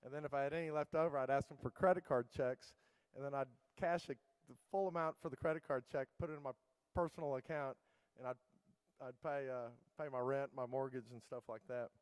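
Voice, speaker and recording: Man, middle-aged, keynote speaker, rambling casual anecdotes, lots of fillers, smooth resonant voice, dry sound. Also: mid-range voice, fairly even intonation, a little fast, dry recording, poor audio. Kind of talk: conference keynote storytelling.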